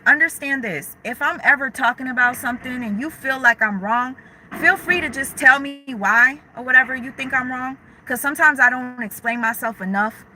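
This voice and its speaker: A woman's voice: sits high, pushed and bright, slight background noise, rough recording. A young woman hosting a casual livestream, talking candidly in slang and answering viewers' chat comments as they come in. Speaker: livestream host.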